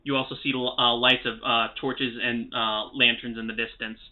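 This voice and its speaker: Dude running a tabletop game, lots of uhs, sounds like a phone call. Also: male voice, medium pitch. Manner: relaxed, many filler pauses. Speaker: game master.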